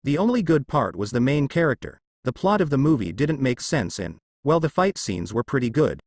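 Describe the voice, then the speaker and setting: Lively-voiced male fan fiction narrator. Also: mid-range voice, normal speed, no room sound. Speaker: story narrator.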